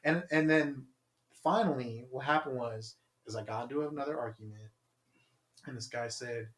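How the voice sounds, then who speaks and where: A man's voice: medium pitch, normal speed, a bit bright. A young man co-hosting a podcast, telling stories in a rambling casual way, full of "like" and acted-out quotes. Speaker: podcast co-host. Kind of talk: casual chat. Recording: roomy echo.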